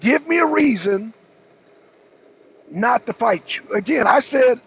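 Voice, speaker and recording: Argumentative high-voiced man on a dull stream. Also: expressive, takes it slowly, vocal fry, a bit bright, husky. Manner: argumentative, repetitive, mocking. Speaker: talk show co-host. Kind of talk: heated political talk, answering chat comments. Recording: dull lo-fi stream audio with faint noise.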